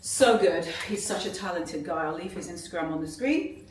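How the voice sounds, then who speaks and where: A woman's voice: fairly low pitch, expressive, moderate pace. Chatty British woman vlogging. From Britain. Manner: chatty, gushing, many fillers. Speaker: fashion vlogger. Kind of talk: casual vlog chat to camera. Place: indoors and in a car. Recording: echoey, from a distance, faint noise.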